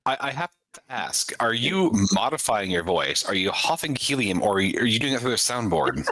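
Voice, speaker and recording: A man's voice: medium pitch, very animated, a little fast, a bit bright, dry recording, poor audio. A man running a tabletop game as game master, speaking in a formal, wordy way. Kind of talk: tabletop game narration and chat.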